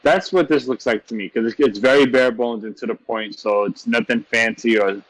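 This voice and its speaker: A man's voice: mid-range voice, moderate pace, no room sound, poor audio. A man co-hosting a casual podcast, laid-back, often asking "you know what I'm saying". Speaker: podcast co-host.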